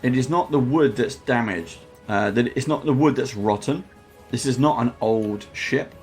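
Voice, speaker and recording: A man running a tabletop game as dungeon master, describing scenes slowly and adding sound effects. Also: medium pitch, soft background music.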